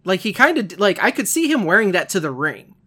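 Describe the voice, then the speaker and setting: A man's voice: high voice, very animated, fast, fairly bright tone. A man co-hosting a casual podcast, rambling in a self-deprecating, nitpicky way. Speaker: podcast co-host.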